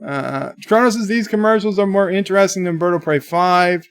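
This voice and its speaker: A man's voice: sits high, clean tone. Chatty male livestream host. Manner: chatty, halting, with many restarts. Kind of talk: reading live chat comments aloud.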